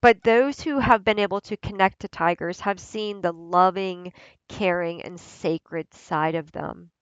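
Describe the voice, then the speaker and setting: A woman's voice: on the low side, measured pace, clear, resonant tone, no room sound, lo-fi sound. A woman giving an oracle card reading in an earnest, repetitive way, often checking in with "right?". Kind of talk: spiritual guidance reading.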